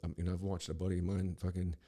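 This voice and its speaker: A man's voice: deep voice, little pitch movement, quick pace, mellow. A man hosting a podcast, telling a rambling, profane story with frequent restarts. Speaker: podcast host. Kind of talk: casual storytelling monologue.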